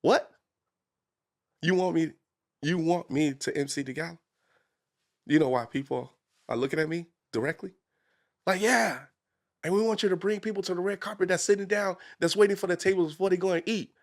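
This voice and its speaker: A man, a talk show host guesting on a podcast, telling a story with excitement, acting out quotes and swinging from whispers to shouts. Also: high voice, brisk, pauses often. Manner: speaks some Spanish and English. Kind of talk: animated storytelling in casual chat.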